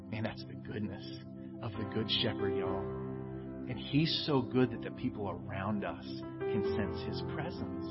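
Pastor preaching over music. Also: male voice, on the low side, lively intonation, moderate pace. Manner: storytelling, loud acted quotes then quiet earnest close. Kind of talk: sermon. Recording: dull, lo-fi with music behind.

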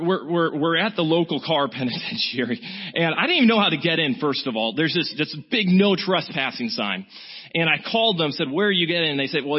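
A man preaching, telling a self-mocking story with an animated delivery. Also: on the high side. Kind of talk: sermon with storytelling. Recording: dull, muffled sound.

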